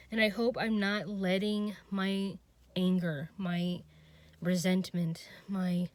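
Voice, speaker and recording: A young woman venting her frustration in an unscripted personal vlog, halting and restarting, trailing off and laughing at herself. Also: on the low side, darkish tone, no room sound. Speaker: vlogger.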